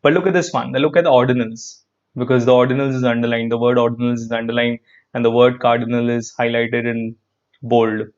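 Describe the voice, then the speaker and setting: A man with an Indian English accent teaching an online grammar class, lively and repetitive, quizzing his students as he goes. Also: medium pitch, a little fast, highs cut off. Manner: lively, repeats phrases, quizzes students, frequent "perfect".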